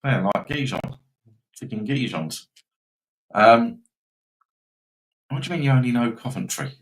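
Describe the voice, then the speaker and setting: A man's voice: medium pitch, animated, measured pace, low-quality recording. A man hosting a live betting stream, rambling casually and reacting to football scores and viewers.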